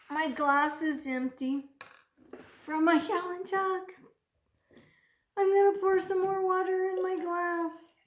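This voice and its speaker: Super high-pitched lady doing a kids speech lesson, slow and animated, kinda echoey room. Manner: animated, encouraging, slow over-articulated prompts. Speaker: children's speech teacher.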